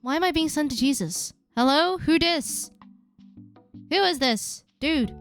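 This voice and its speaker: A woman streaming a game live, reading the story text aloud and reacting with excited, startled exclamations. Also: high voice, a little slow, faint music behind.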